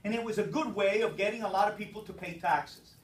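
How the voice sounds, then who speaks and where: A teacher giving a brisk classroom lecture, explaining step by step and checking in with the students. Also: medium pitch. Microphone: distant room mic. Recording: echoey classroom from far off.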